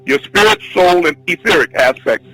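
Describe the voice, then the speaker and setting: A man teaching a spiritual class, telling a long personal story in an excited, rambling, repetitive way. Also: fairly high pitch, normal speed, breathy edge, no echo, soft background music, poor audio. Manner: excitable, repetitive, restarts often. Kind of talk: rambling spoken testimony.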